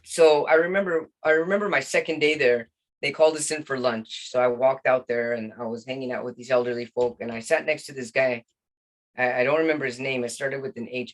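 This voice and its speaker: A man's voice: mid-range voice, bright, forceful tone. Earnest man telling a personal story. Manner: earnest, halting, with many restarts. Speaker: guest.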